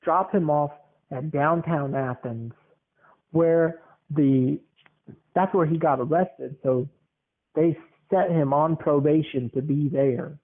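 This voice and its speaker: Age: 20s. Sex: man. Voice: a bit high, tinny phone-like sound. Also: takes it slowly. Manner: rambling, chuckling storyteller. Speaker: podcast host. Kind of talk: casual rambling monologue.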